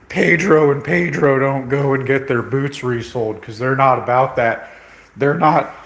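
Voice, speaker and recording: A vlogger delivers a brash, profane, comedic rant that rambles and repeats itself, ending lines with "okay?" His mid-range voice is a bit bright.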